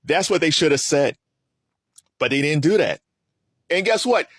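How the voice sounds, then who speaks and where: A man's voice: fairly high pitch, animated, moderate pace, dry recording, studio quality. A man giving heated solo political commentary, asking rhetorical questions and mocking his opponents.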